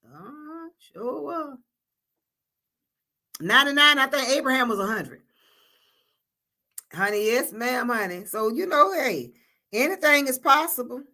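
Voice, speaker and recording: A high, bright-voiced woman, chatting casually on a livestream. Her pitch swings all over as she reads out comments, laughs a lot and calls everyone honey and baby. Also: animated, measured pace, pauses often. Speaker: livestream host reading viewer comments.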